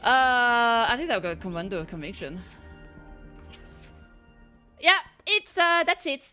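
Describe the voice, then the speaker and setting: A woman streaming live as she pulls in a gacha game, reacting dramatically, swinging from squealing shouts to dejected mumbles while chatting to her viewers. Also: a little high, very animated, takes it slowly, soft background music. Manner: chats to viewers. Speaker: full-time streamer.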